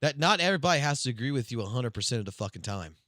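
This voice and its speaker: A young man with a South Louisiana Cajun accent, live streaming a loud, emphatic, profane rant that swings between loud and low-key. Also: expressive, very fast, no room sound, studio quality.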